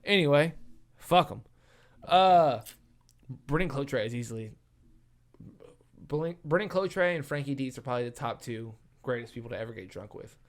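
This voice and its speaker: A man's voice: medium pitch, lively intonation, normal speed, long pauses. A young man hosting a casual podcast, telling profane, laughing stories and acting out his friends' voices. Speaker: podcast host.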